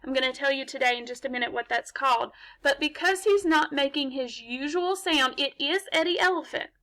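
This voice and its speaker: A woman's voice: high voice, brisk, pushed and bright. A woman teaching a phonics lesson to young children from her laptop, patient and encouraging, posing questions and answering them herself. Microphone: laptop mic.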